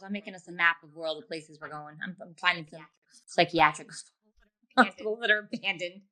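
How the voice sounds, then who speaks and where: A woman co-hosts a podcast in breezy, casual chat, tossing in quick asides. Her delivery stays light and upbeat. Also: fairly low pitch, pushed and bright, poor audio. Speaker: podcast co-host.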